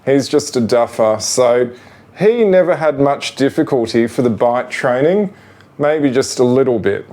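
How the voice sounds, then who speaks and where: Gentle, rambling man coaching ferrets. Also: mid-range voice, lively intonation, a little slow. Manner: gentle, patient, coaxing to the animals; rambling with fillers like "you know" and "sort of". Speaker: ferret owner demonstrating training. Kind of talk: casual how-to demonstration.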